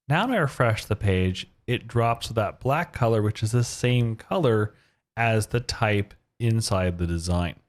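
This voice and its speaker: A man hosting a web design tutorial, talking through each step of his code as he types it. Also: medium pitch. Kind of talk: screen-recorded coding tutorial.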